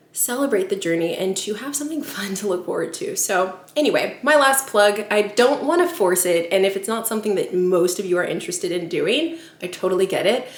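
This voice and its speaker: A woman's voice: mid-range voice, reverberant. A woman vlogger chatting to her viewers in her kitchen, gushing and chatty, full of filler words. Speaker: vlogger, channel host. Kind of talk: casual chat to camera. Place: home kitchen.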